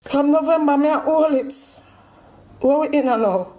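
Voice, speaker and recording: Jamaican woman, somewhat high voice, indignant, complaining, casual livestream talk. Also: normal speed, dark tone.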